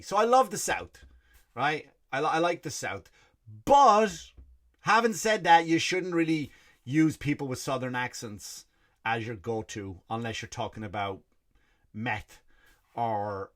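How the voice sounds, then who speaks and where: A comedian from Ireland hosts his podcast, his accent worn toward American after years abroad. He rants in blunt, profane bursts, often breaking off and restarting sentences. His voice sits at an ordinary middle pitch for a man. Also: fairly bright tone. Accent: Irish, partly Americanized. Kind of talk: ranting comedy monologue.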